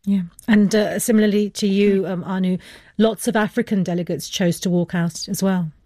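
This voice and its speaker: A woman presenting a radio news program, measured and smoothly linking topics and guests. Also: medium pitch, steady tone, mellow, no room sound, studio quality.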